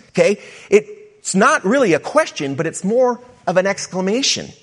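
A middle-aged pastor preaching a sermon, with conversational asides to the congregation. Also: male voice, moderate pace. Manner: animated preaching, pitch rising for emphasis and dropping low.

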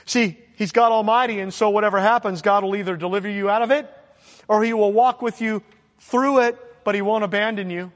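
A man's voice: sits high, fairly even intonation, brisk, long reverb tail. A man preaching a sermon as pastor, fervent and repeating his key points for emphasis.

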